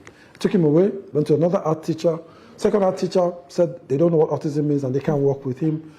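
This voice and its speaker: A middle-aged man, telling a family story in an interview, animated and acting out the quotes, with frequent restarts. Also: fairly high pitch, fast talker, slight background noise. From Nigeria. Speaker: interview guest, father.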